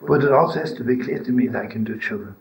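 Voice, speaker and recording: Older male teacher telling stories, informal and searching, bursts into high scolding, some noise behind. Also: fast talker, creaky, rough recording. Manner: storytelling, with frequent "you know" and "right?"; swings to loud, high scolding when voicing the inner voice. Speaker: rabbi and storyteller.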